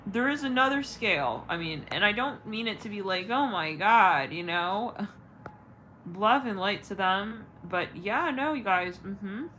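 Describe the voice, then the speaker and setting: A woman's voice: medium pitch, lively intonation, unhurried, pushed and bright, a little hiss or hum, low-quality recording. A woman tarot reader and channel host chatting casually to her viewers, rambling, swearing, and searching for her words with many fillers. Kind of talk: casual livestream chat.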